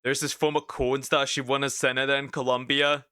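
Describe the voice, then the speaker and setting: A man's voice: medium pitch, little pitch movement, a little fast, pushed and bright, clear, resonant tone, dry recording, studio quality. A man reacting to videos as a streamer, talking casually, laughing and repeating himself as he stammers through his thoughts.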